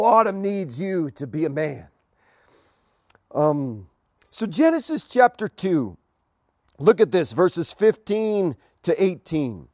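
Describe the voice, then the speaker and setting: A man's voice: high-pitched, darkish tone, dry recording, studio quality. A man who is a pastor, giving an informal sermon to an engaged couple. He halts and restarts often, then builds to emphatic rhetorical questions.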